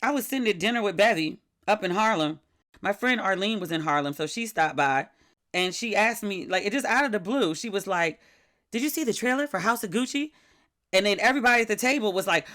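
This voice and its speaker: A middle-aged woman hosting her own podcast in casual solo chat, candid and chatty, acting out her friends' lines in lively voices. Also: mid-range voice, fast. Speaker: podcast host.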